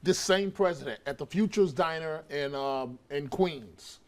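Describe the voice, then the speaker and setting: A male panelist on a talk show, telling a lively anecdote and laughing as he goes. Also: fairly high pitch, measured pace. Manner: animated, laughing while telling a story. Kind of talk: anecdotal storytelling.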